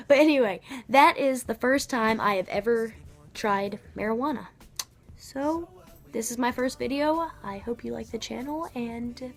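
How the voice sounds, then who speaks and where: A woman's voice: fairly high pitch, measured pace. A young woman vlogger telling a story in a chatty, slangy way with lots of fillers. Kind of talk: casual storytelling.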